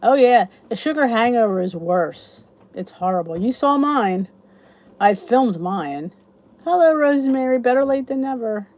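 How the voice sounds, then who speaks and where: A woman's voice: on the high side, expressive, unhurried, darkish tone. A middle-aged woman hosting a casual live weight loss chat from a cozy room downstairs, chatting easily and greeting viewers by name as their comments come in.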